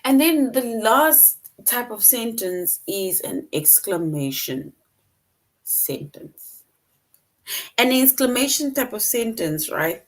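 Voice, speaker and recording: A young online teacher leads a children's grammar lesson, her voice on the high side, her intonation lively, her pace slow. Patient and careful, she breaks things down step by step and acts out her example sentences.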